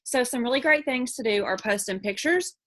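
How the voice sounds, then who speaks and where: A woman's voice: a little high, animated, fairly quick, a bit bright, no room sound. A woman giving a casual, bubbly sales training talk to her team, chatty with frequent ums. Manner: bubbly, chatty, many fillers. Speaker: network marketing team leader.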